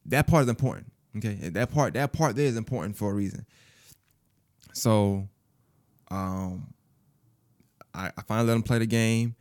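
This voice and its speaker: A man's voice: lowish voice, normal speed, long pauses. A man telling a personal story in casual, profane speech, acting out other people's lines as he goes. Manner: animated, profane, acts out quoted voices.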